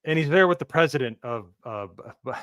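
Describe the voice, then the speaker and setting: A man's voice: fairly high pitch, expressive, fairly quick, fairly bright tone, smooth, no echo, clean studio sound. A man co-hosting a casual live movie review, giving his opinions in a rambling way, with many fillers and restarts.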